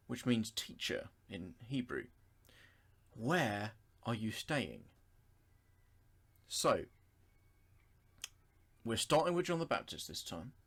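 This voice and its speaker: Unhurried man explaining scripture. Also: medium pitch. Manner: thoughtful, unhurried, with frequent pauses and self-corrections. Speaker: Bible teacher. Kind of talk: reading scripture and explaining it verse by verse.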